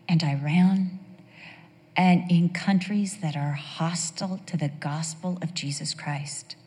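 A woman preaching a sermon, emphatic, slowing down on key phrases and breaking into playful asides. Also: fairly low pitch, dark tone, in a large hall.

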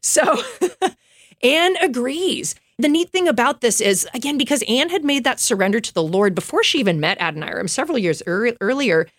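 A woman telling a story in a casual podcast chat, full of fillers, asides and quick laughs. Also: a little high, expressive, dry recording. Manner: chatty, lots of fillers and asides; laughs often while telling.

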